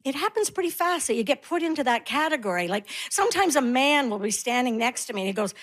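Woman comic, 50s, high voice, sassy and mocking delivery. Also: lively intonation, fast, few pauses, a little hiss or hum. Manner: sassy, playful, mocking impressions. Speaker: stand-up comedian. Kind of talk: stand-up comedy set.

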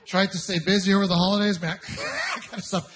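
A young man from Ontario doing a stand-up comedy set, telling animated stories with mock exasperation. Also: sits high, quick pace, a little hiss or hum. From Ontario, Canada.

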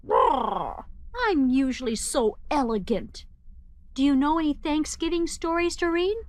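Woman voicing a prim puppet creature, shivering, children's show, slow drawl, very high voice. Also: no room sound. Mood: chilly, prim.

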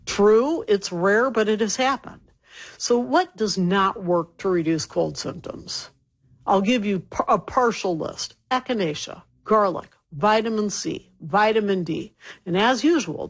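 A woman doctor, still getting over a cold, explaining health facts clearly and emphatically as a radio guest. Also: mid-range voice, measured pace, lo-fi sound. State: recovering from a cold.

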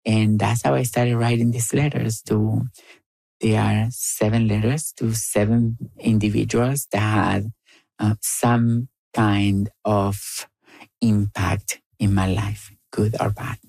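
A woman from Argentina with an Argentine Spanish accent, telling personal stories in an interview in a slow, playful way. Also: very deep voice, fairly even intonation, gravelly, dark tone, no echo. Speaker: storyteller and writer.

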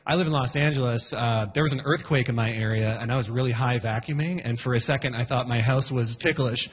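A man in his forties doing a stand-up comedy set, shouting character voices for punchlines. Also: medium pitch, fast talker.

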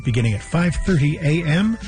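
A man's voice: on the high side, animated, brisk, a little mellow, faint music behind. Man announcing a radio promo. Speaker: radio program host.

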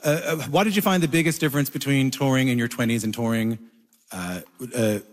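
Male host, middle pitch, rambling question style, reverberant hall. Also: a little fast. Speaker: interviewer host. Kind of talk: interview questions.

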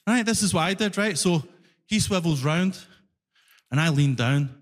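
A Glaswegian man performing stand-up in a concert hall, his voice sitting high for a man. He tells his story with animated energy and breaks into shouted rants. The hall's long reverb trails after his lines. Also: normal speed. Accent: Glaswegian Scottish. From Scotland. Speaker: stand-up comedian. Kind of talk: stand-up comedy set. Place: large concert hall stage.

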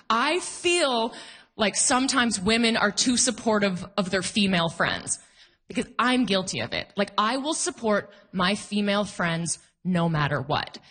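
A young adult woman performing a stand-up comedy routine, animated, playful and sarcastic. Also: medium pitch.

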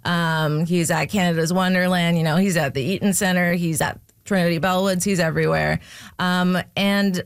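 A woman's voice: lowish voice, steady tone, moderate pace, smooth, no room sound, studio quality. A woman guest on a casual panel discussion, giving her views in a wry, hesitant way with frequent restarts.

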